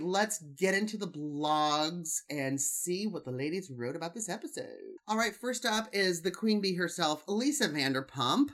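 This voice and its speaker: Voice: mid-range voice, a bit bright. A host reading reality TV cast blogs aloud and adding snarky, gossipy commentary full of "like" and "I mean," with laughs between jokes. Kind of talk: comedic commentary and blog reading.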